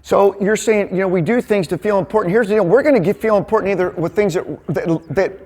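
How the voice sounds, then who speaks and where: A man leading a men's Bible study, teaching in a casual, energetic, conversational way. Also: high voice. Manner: energetic, conversational, quick asides. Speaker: men's ministry leader.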